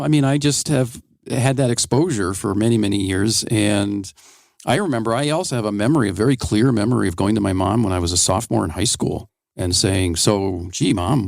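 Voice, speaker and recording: A man in his sixties from Wisconsin, USA, a guest winemaker, tells rambling, wry stories in a casual radio studio interview. His lowish voice is a little mellow with vocal fry. There's no room sound.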